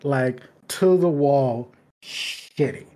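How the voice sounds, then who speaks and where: A podcast host in casual chat, reacting to a guest's story with quick, profane asides. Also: medium pitch, warm tone.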